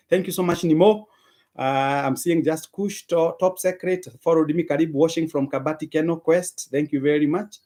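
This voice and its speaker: A man's voice: on the high side, dark tone. Kenyan man hosting a live stream. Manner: mixes English and Swahili, reads out names and thanks viewers. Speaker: livestream host reading viewer comments. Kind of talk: live-stream chat with viewers.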